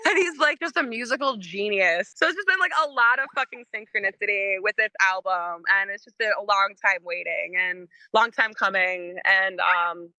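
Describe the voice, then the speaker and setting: A Michigan woman, a musician appearing as a podcast guest, rambles through stories in a casual interview, full of fillers and laughter and raising her voice to act out quoted lines. Her mid-range voice is pushed and bright, at normal speed with few pauses. The recording is dry.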